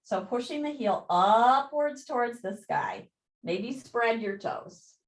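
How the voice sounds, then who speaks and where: A woman yoga instructor giving calm step-by-step cues and counting breaths through a guided class. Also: on the high side, slow pace. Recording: echoey room.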